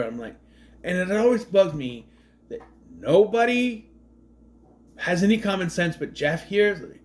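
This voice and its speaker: A man's voice: sits high, animated, unhurried. Rambling man recapping a movie. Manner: rambling, with frequent fillers and restarts; sardonic, questioning asides. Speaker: movie commentary host. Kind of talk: casual spoken movie recap.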